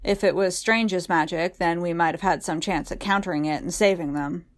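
A woman voicing gruff rough-voiced man. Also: lowish voice, moderate pace, natural voice. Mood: grave. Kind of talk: audiobook reading.

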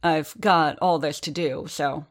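A woman voicing a gruff, weary working-class young man in an audiobook, talking in short, clipped replies. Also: low-pitched, fairly even intonation, measured pace. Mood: snappish. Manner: terse and clipped. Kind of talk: audiobook character voice.

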